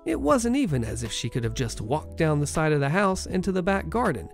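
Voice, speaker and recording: A narrator reading online stories aloud in an expressive, animated way. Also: medium pitch, fairly quick, soft background music.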